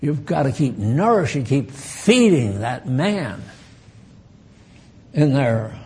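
A man's voice: mid-range voice, big pitch swings, slow, darkish tone. An older man preaching a folksy sermon, bantering with the congregation and chuckling at his own asides.

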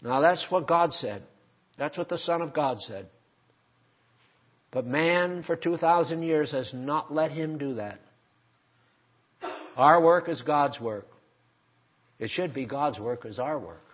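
A man's voice: a little high, takes it slowly, long pauses, slightly rough. An older man preaching a sermon, emphatic and full of rhetorical questions put to his congregation. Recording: dull lo-fi sermon recording.

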